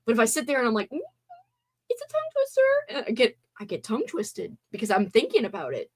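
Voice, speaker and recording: A young woman with a fairly high, slightly rough voice talks fast on her casual livestream, her pitch swooping wildly. Bubbly and giggly, she reacts to chat even though she's still tired from a sleepover.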